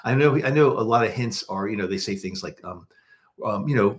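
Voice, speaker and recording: A man's voice: on the low side, sing-song, brisk. A man with a Baltimore accent hosting a casual livestream, talking in a rambling, chatty way with many restarts and fillers. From Baltimore, USA. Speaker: podcast host.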